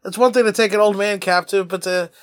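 An indignant old village chief, as a man puts him on, pleading and outraged with his captor. The voice sits high for a man, in a dry, close sound with no room around it. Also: fairly even intonation, fast, no echo, close to an everyday voice.

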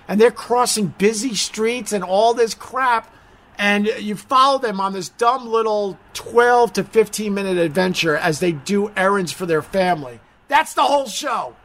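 A man's voice: high-pitched, a bit bright. A middle-aged man chatting casually on a live stream, rambling, mocking himself and swearing freely.

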